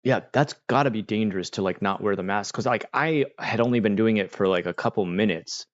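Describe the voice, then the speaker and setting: A man's voice: on the low side, brisk. A man hosting a livestream, chatting with viewers in a laid-back, slangy way full of fillers. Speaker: livestream host answering chat. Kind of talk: casual livestream chat. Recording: dull lo-fi sound.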